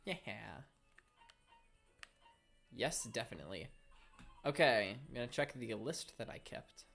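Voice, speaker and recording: A young woman casually commenting while playing a video game, chatty and quick to joke and rant. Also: rumbling low, sing-song, gravelly, a bit bright, slightly rough. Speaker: gaming channel host. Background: faint game music.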